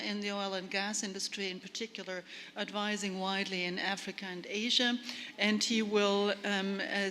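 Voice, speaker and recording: A woman moderating a conference panel, polite and brisk as she introduces a speaker. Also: mid-range voice, fairly bright tone, long reverb tail, slight background noise. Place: large conference hall.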